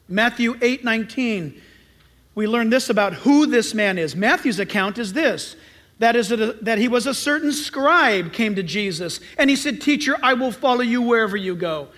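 High, bright-voiced man preaching a sermon. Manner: emphatic, repeats lines for stress. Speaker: pastor.

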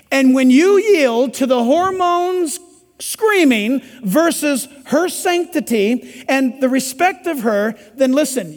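A middle-aged male pastor with a strikingly high voice preaches a sermon, emphatic and chatty. He slips into quoted voices as he talks. The sound carries the long ring of a large hall. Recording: echoey hall.

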